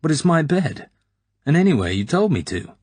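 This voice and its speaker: A man's voice: on the high side, big pitch swings, moderate pace, darkish tone, breathy edge, no echo, voice pushed up. A man voicing a cool, sarcastic British spy in an audiobook reading. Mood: cool sardonic.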